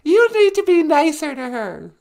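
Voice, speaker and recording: Dude doing a squeaky little nagging sidekick voice, super high and chipper. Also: male voice, huge pitch swings, normal speed, gravelly, a little mellow, exaggerated voice.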